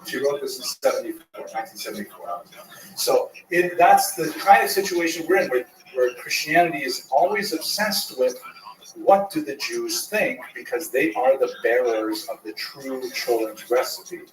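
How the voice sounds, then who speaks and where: A man teaching a class as a rabbi, an animated storyteller. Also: medium pitch, moderate pace. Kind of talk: lecture. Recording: roomy, far from the mic.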